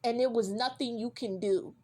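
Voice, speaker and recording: A woman's voice: a little high, normal speed, a little mellow. Woman vlogger, casual reaction rant, heated and cussing, talks straight at the character. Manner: profane, heated, repeats for emphasis; addresses a character directly.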